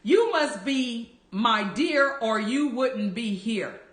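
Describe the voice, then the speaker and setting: A woman reading the part of a grinning, riddling male cat in a playful, measured storybook voice. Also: on the high side, lively intonation. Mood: teasing. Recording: roomy echo.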